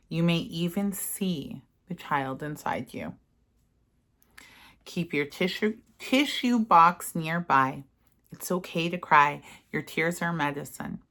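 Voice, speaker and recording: A woman leading a guided mirror-work lesson, speaking gentle, soothing affirmations. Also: deep voice, unhurried. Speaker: self-help guide.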